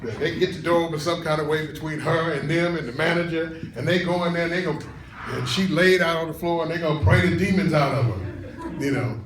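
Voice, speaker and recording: A man lecturing at a conference, telling stories in a loose, animated way and laughing as he goes. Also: a little high, fairly quick. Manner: colloquial, animated, laughs through his stories. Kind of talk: storytelling talk to an audience. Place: conference room. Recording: echoey room, far from mic, noisy.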